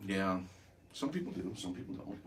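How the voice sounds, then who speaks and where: A man's voice: low voice, very animated, moderate pace, a bit bright, distant mic, a little hiss or hum. A business owner guest chatting casually, a joking storyteller who teases his hosts. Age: older. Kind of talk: casual chat.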